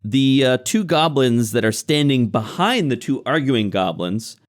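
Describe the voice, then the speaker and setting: A man running a tabletop game, laying out the scene in a mid-pitched, everyday voice. His description is unhurried and full of small fillers. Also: animated. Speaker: game master.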